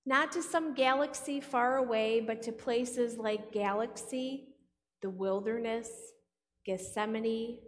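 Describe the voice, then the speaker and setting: A woman pastor preaches a sermon with a playful touch, stopping to ask her listeners questions. Her voice sits a little high, and she speaks slowly and deliberately. A long reverb trails behind her words in the church. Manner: playful, asks the congregation questions.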